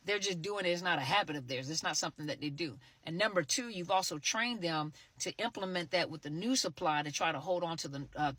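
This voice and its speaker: A woman's voice: on the low side, fairly bright tone, breathy edge, dry recording. A woman host speaking animatedly about narcissistic abuse and often repeating phrases for emphasis.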